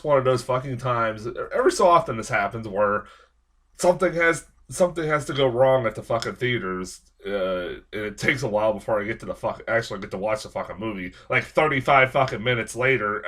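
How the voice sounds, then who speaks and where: A man's voice: medium pitch, lively intonation, moderate pace, a bit bright. Profane, rambling man reviewing a movie. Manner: rambling and heavily profane, with frequent fillers; exasperated ranting. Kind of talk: casual spoken film review.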